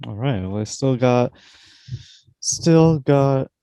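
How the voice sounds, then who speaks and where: Male podcast co-host, gravelly and mellow, easygoing, dry close mic. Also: medium pitch, lively intonation, slow, no room sound. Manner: laid-back, short replies, hesitant. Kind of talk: casual chat.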